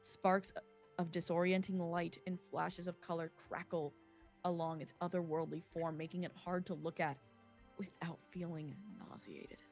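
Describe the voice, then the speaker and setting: A woman's voice: fairly low pitch, level tone, moderate pace, darkish tone, faint music behind. Woman game master narrating vividly. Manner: descriptive, with small slips.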